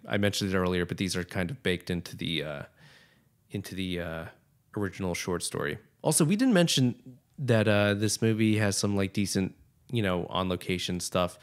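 A man's voice: deep voice, smooth. A man co-hosting a casual film commentary podcast, rambling critically with lots of fillers like "like". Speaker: podcast co-host.

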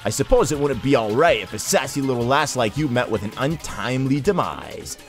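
A man's voice: medium pitch, very animated, fairly quick, faint music behind. A man voicing a pompous, sneering male villain commander in a game, speaking with a taunting, condescending manner.

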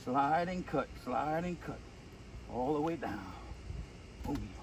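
A man's voice: expressive, takes it slowly. Boisterous Louisiana man demonstrating outdoors. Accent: Louisiana Cajun. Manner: boisterous and slangy, says dude and boom a lot. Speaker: host. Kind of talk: hands-on how-to demonstration. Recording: distant mic with loud outdoor noise.

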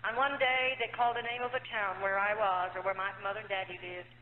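A woman's voice: mid-range voice, steady tone, brisk. A former nun giving an emotional personal testimony, telling her story earnestly and acting out the dialogue of the people in it. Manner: earnest storytelling, acts out quoted dialogue, frequent "you know". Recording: tinny lo-fi archive recording in an echoey hall.

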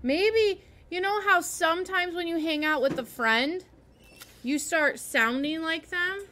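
A woman's voice: very high voice, slow, sharp tone, a little hiss or hum. Woman reading a novel aloud to a class. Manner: stops to explain to listeners. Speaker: teacher.

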